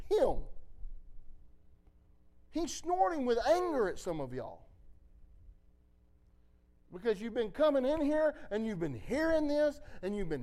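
A man preaching a sermon in a church, switching between impassioned exhortation and quiet, confessional storytelling. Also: very high voice, sing-song, measured pace. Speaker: pastor.

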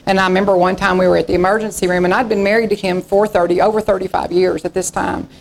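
A woman in her sixties preaches a sermon with a gravelly, slightly creaky edge to her voice. She tells stories in a folksy way and slips into the voices of the people in them. A faint hum sits behind her. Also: medium pitch, flat delivery, fast, poor audio. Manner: folksy storytelling preacher, acting out quoted voices. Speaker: pastor.

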